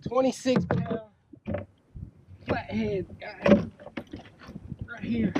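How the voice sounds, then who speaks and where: Excitable high-voiced man on a boat. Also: drawn-out words. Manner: excitable, loud exclamations, swears freely. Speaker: fishing vlogger. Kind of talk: excited casual narration to camera. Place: on a boat on a lake outdoors. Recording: noisy outdoor lake audio.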